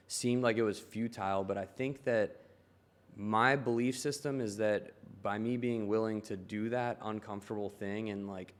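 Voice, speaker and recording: A young man from Maryland chatting casually as a podcast guest, swearing and laughing as he tells stories. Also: on the low side. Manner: swearing, laughing, animated storyteller. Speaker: guest, tailor.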